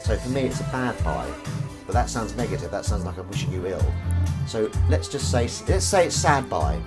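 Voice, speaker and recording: A man's voice: on the low side, sing-song, moderate pace, loud music behind the voice. A man hosting a live stream, chatting casually and rambling playfully with wordplay.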